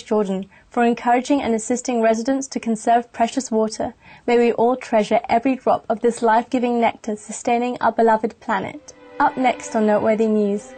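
A woman's voice: fairly high pitch, flat delivery, fairly quick, dark tone, soft background music. A woman presenting scripted news reports in a cheerful manner.

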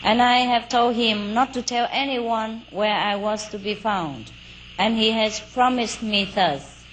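A woman voicing a noble male golden deer in a folk tale, speaking in a measured, dignified way. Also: a little high, a bit bright, slight background noise, rough recording.

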